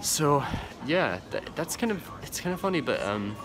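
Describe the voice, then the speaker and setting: A man's voice: a little high, big pitch swings, moderate pace. A young man vlogging casually from an airport, chatty and rambling with lots of fillers and restarts. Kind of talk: casual travel vlog. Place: airport departure area, indoors.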